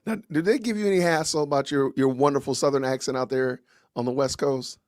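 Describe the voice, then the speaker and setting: A man's voice: mid-range voice, a little fast, dry recording, studio quality. A man hosting a casual livestream podcast, greeting viewers with slangy, upbeat phrases and introducing his guest. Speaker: podcast host.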